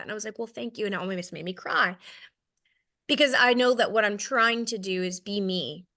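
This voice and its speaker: A woman's voice: medium pitch, brisk, bright, forceful tone. A woman in her thirties with a Southern American accent, giving a casual, candid sales training talk, self-deprecating and checking in with "okay?" often. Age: 30s.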